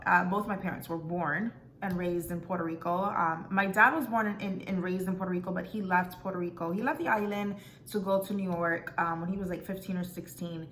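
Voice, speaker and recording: A young woman vlogger talks in a bright, chatty voice, stopping on ums and doubting her pronunciations. She reads aloud casually to her viewers, with faint noise behind her. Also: lowish voice. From South Florida. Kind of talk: casual vlog, reading results aloud.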